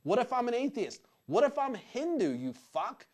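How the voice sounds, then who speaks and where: A man's voice: extremely high pitch, big pitch swings, normal speed, a little mellow. A man hosting his own show, ranting about politics in an angry, profane, emphatic way. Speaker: podcast host.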